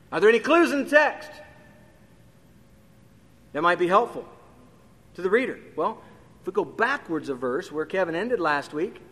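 A man's voice: sits high, lively intonation, a little fast, long pauses, sharp tone. A man preaching an expository sermon, his voice rising emphatically on key questions. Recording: long hall reverb.

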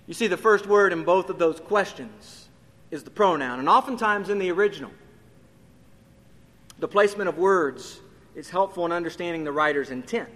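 A man with a high, bright, ringing voice preaches through a verse-by-verse sermon. He climbs sharply in pitch when he presses a question home. His words carry a long reverb from a church sanctuary. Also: moderate pace, pauses often. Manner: expository, rising emphatically on key questions.

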